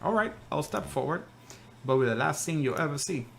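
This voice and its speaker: A man's voice: a little high, lively intonation, brisk, creaky, a little hiss or hum. A man voicing a menacing male villain from a game, with a sneering, taunting manner.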